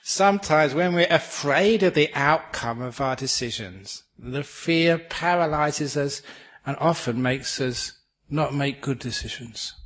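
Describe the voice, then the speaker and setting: A man with an English accent giving a Buddhist dharma talk, a gentle storyteller who laughs at his own jokes. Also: fairly high pitch, a little slow. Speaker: Buddhist teacher.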